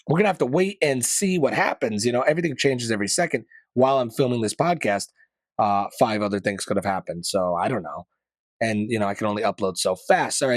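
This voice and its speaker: On this casual news commentary podcast, the male host speaks at a medium pitch in a dry recording. He wanders through current events with opinionated tangents, casual slang, and a bit of mild swearing.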